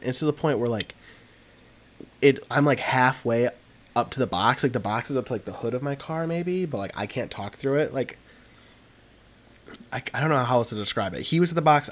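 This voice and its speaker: Brisk and animated, with a medium-pitched voice, a young podcast co-host launches into a long, meandering story during casual conversation, leaning heavily on fillers.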